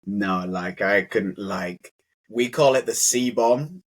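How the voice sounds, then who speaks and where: A young man talks through an English lesson in a loose, friendly way. His voice sits on the low side, and he keeps filling his sentences with "like". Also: slow. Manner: chatty, fills speech with "like". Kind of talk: casual conversational teaching.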